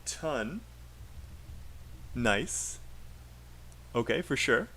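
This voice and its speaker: A man's voice: mid-range voice, animated, very slow, sharp tone, slightly rough. A man with a British accent teaching a live online IELTS class, patiently drilling sentences aloud and encouraging students.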